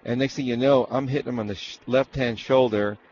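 Recorded in dull lo-fi with faint background noise, an Arizona man who once rode as a jockey shares racing stories in a casual interview. He speaks a little fast at medium pitch, animatedly acting out people's words.

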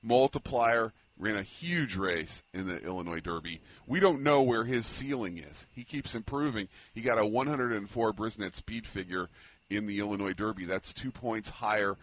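A man working as a racing analyst on radio, weighing up the horses in a measured way with some hesitant restarts. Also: on the low side, fairly bright tone.

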